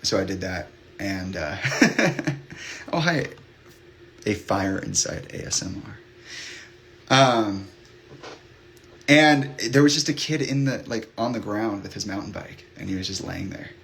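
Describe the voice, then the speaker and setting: Male livestream host, somewhat low-pitched, candid and rambling, loose filler-heavy delivery. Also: measured pace, creaky, a bit bright, a little hiss or hum. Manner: rambling, open, many fillers and restarts. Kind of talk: candid chat with live viewers.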